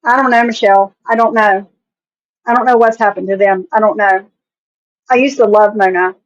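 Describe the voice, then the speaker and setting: A woman's voice: medium pitch, fairly even intonation, moderate pace, no echo, highs cut off. A woman from West Virginia with a country accent, giving blunt, casual commentary on a stream and swearing freely.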